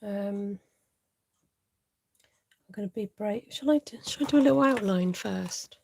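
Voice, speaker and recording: A woman's voice: mid-range voice, a little slow, creaky, darkish tone, no echo. A woman hosting a live card-making tutorial, chatting to viewers and laughing often as she works.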